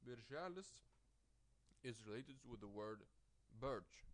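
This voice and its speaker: A man teaches a vocabulary lesson at an unhurried, deliberate pace, in a mid-pitched voice. He says each word twice to show where the stress falls, with small slips and restarts along the way. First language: Lithuanian. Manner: slow, careful, repeats words with stress, small restarts. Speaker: language teacher.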